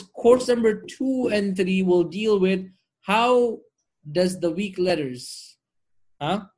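A man's voice: high voice, a little mellow. A man teaching Arabic grammar online, drilling word forms and checking in with his students often.

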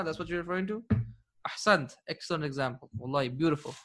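High, bright-voiced male grammar teacher. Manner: patient, quizzing students with frequent checks and praise; slows down to dictate key terms. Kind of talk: classroom grammar lesson.

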